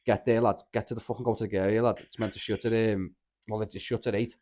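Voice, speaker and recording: Fast-talking Scouse man, low voice. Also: flat delivery, darkish tone. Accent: Liverpool (Scouse). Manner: rambling, sweary, says "lad" constantly. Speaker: podcast host. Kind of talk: casual chat, storytelling.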